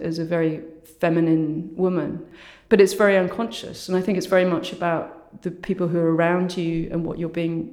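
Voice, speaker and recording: A woman artist with a low voice, speaking thoughtfully as an interview guest and often saying "you know" and "sort of". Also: mellow. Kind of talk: reflective conversational interview. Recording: roomy echo.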